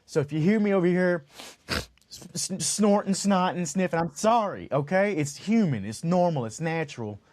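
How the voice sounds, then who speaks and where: A man's voice: sits high, moderate pace. A stuffy-nosed man co-hosting a casual podcast, rambling and joking. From lives in Utah, lived in Los Angeles. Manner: animated, rambling, jokey. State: congested. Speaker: podcast co-host.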